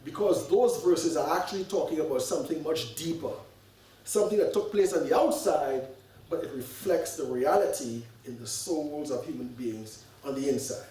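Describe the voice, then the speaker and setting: Recorded from afar in a reverberant hall, this sheikh's religious talk is earnest, packed with rhetorical questions and repeated words as he works through his thoughts. His voice is on the high side and mellow, moving at a normal speed.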